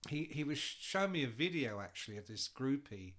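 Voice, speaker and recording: A man's voice: mid-range voice, big pitch swings, a little fast, a bit bright. A man telling road anecdotes in casual chat, swearing freely and acting out other people's voices. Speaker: podcast guest telling road stories.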